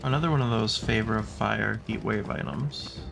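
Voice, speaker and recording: A man giving relaxed, casual commentary on a video game as he plays, narrating each move. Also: lowish voice, normal speed, gravelly. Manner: relaxed, narrating his moves. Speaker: streamer. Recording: voice over game music.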